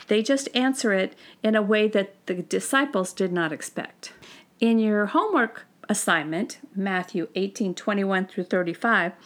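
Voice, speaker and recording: Gravelly-voiced woman teaching Bible class. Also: medium pitch. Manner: conversational teaching with frequent fillers and restarts. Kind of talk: recorded Bible study lesson.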